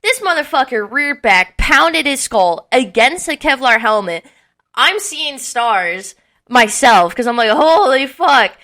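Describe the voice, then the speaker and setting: A woman's voice: a little high, a little slow. A young woman co-hosting a podcast, telling a long party story in casual chat, swearing freely and acting out what people said. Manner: animated storyteller, swears freely, acts out quotes. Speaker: podcast co-host.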